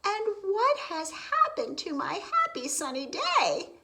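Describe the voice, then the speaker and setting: A panicky male bullfrog from a picture book cries out in a high, bright, lively voice, as a woman puts him on. He sounds miserable and stranded. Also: takes it slowly, exaggerated voice. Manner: pleading, cries out in distress. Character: sad worried male bullfrog, storybook hero.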